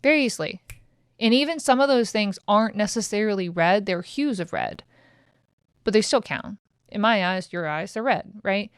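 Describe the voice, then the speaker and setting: A woman's voice: mid-range voice, animated, normal speed, clear, resonant tone, no echo, studio quality. A woman in her thirties hosting a podcast, talking casually and bluntly, swearing freely as she gives self-help tips. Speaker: podcast host.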